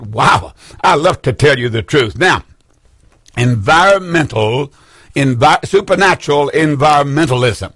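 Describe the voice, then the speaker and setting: A man's voice: medium pitch, expressive, a little slow, a bit bright, no echo. An older man preaching a broadcast sermon from a studio, fervent and rambling, repeating his points for emphasis. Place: indoor studio room.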